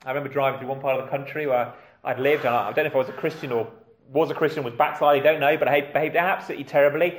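A man's voice: mid-range voice, steady tone, racing, slight background noise. Man preaching in an echoey room. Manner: addresses children with questions; conversational, with frequent restarts and rhetorical questions. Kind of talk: sermon.

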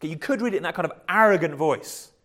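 A man's voice: fairly high pitch, expressive, fast talker, sharp tone. A man preaching a conversational sermon, often restarting words and chuckling lightly.

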